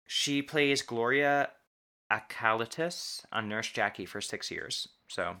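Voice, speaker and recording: A podcast co-host in casual chat, chatty and quick to laugh, stumbling over words now and then. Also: mid-range voice, lively intonation, sharp tone.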